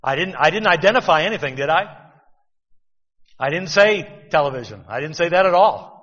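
A man's voice: on the high side, lively intonation, moderate pace, a bit bright, big-room sound, lo-fi sound. A man preaching a sermon, talking conversationally and asking rhetorical questions.

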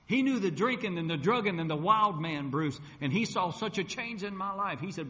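A man delivers his testimony like a sermon, with a bright, ringing voice. He tells his story with energy and acts out each exchange. The sound carries a long hall reverb. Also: high-pitched, normal speed. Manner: lively storyteller who acts out dialogue. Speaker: preacher sharing his testimony.

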